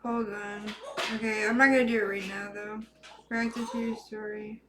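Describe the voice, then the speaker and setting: A woman's voice: medium pitch, level tone, moderate pace, noisy background. A woman hosting a casual livestream, flustered, swearing and talking to her chat. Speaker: host.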